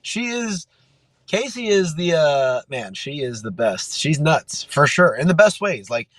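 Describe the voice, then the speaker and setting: Casting: man in his thirties, higher-pitched, laughing storyteller, dry close sound. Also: measured pace, no echo. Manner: laughing, animated storyteller who acts out quotes. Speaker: podcast guest, MMA fighter. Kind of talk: casual chat.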